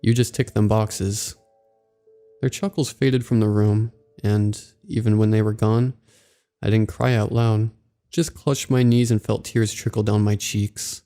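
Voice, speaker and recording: A man narrating a scripted horror story in a slow, measured way. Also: fairly low pitch, fairly even intonation, dark tone, clean tone. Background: faint background music.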